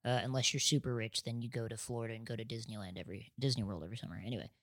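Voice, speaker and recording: A man's voice: medium pitch, fairly even intonation, fairly bright tone, dry recording, clean studio sound. Rambling young man from Nebraska. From Nebraska, USA. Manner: rambling storyteller, quick self-interruptions. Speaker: podcast guest. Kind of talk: casual chat.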